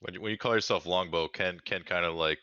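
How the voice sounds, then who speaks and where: A man's voice: low voice, fast talker, sharp tone, smooth, no echo. A man playing a tabletop game, talking in a rambling, hesitant way. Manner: rambling, hesitant, laughing asides. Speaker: player. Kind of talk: casual tabletop play. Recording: dull lo-fi mic.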